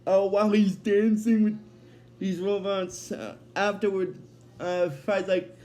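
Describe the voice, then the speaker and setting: A man casually recapping a cartoon episode, halting often with fillers and restarts. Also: sits high, steady tone, darkish tone. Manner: halting, filler-heavy retelling.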